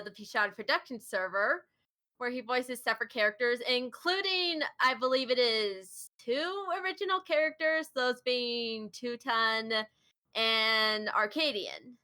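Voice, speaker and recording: A woman hosts a casual chat with a fairly high, bright and punchy voice. She gushes with eager enthusiasm and giggles often as she praises someone she admires. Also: a little slow. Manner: enthusiastic, giggly fan talk. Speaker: host.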